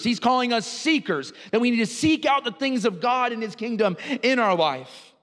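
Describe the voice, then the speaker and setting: A man in his thirties, a pastor from the United States, preaching a sermon and telling animated personal stories that make him laugh. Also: very high voice, fairly quick, few pauses, in a large hall. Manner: storytelling, animated, laughs at own anecdotes.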